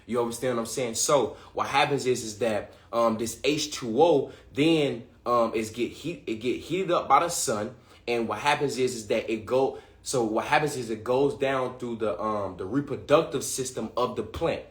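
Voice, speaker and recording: Excitable man talking in an echoey room. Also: medium pitch, moderate pace. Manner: excitable, repeats and restarts, casual slang. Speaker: livestream host. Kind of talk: live-streamed talk to viewers.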